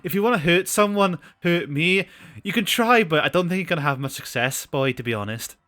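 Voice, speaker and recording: A man's voice: a little high, expressive, fairly quick, bright, forceful tone. A male streamer voicing a stern, powerful martial-artist woman who speaks in firm, protective, menacing lines.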